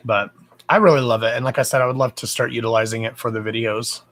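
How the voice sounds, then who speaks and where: A man's voice: mid-range voice, steady tone, fast, fairly bright tone, poor audio. A man with a Texan accent hosting a casual live stream, chatting freely, greeting viewers with endearments and swearing offhandedly. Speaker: psychic live-stream host.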